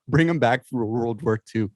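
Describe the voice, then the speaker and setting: A man with a medium-pitched voice co-hosts a podcast, chatting casually about games. His talk rambles and stops and starts, full of restarts and fillers, over a noisy background.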